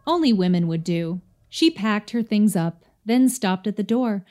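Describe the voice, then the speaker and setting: Slow, measured woman reading a spooky poem. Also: mid-range voice, lively intonation, warm tone. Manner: measured, playful storytelling. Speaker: poem reader. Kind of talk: narrating a rhyming spooky poem.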